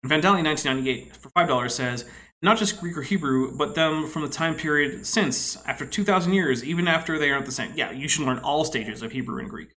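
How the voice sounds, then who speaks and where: A man's voice: on the high side, fast, bright, forceful tone, low-quality recording. A man commenting casually on clips, explaining things at length in an analytical way with frequent asides. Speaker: podcast co-host.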